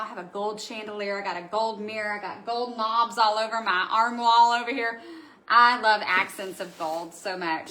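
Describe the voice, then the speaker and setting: A woman's voice: mid-range voice, bright, forceful tone. A woman hosting a live craft supply show, chatty and gushing as she reads out viewer comments. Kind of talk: casual live-stream product showcase. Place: indoor room at home.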